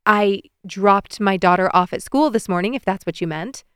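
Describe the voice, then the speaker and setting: A woman's voice: mid-range voice, normal speed, clean tone, no echo, clean studio sound, lightly acted. A woman voicing a snarky, defensive mom. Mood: wry. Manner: snarky, sharp. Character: sarcastic, defensive young mother.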